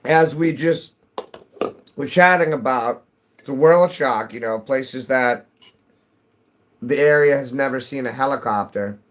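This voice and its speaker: A man's voice: mid-range voice, unhurried, long pauses, low-quality recording. A man live-streaming a game, chatting casually with viewers in a rambling, jokey way, his voice cracking. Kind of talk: casual live-stream chat while gaming.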